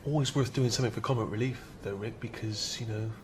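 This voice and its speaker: A man's voice: fairly low pitch, quick pace, noisy background. A man interviewing in a comedy sketch, asking polite, hesitant questions.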